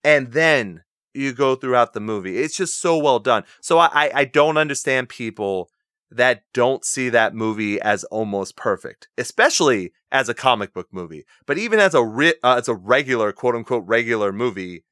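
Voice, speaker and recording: A man's voice: medium pitch, expressive, moderate pace, pushed and bright, no echo, clean studio sound. A man in casual podcast chat, blunt and profane, ranting with strong opinions. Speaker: podcast co-host.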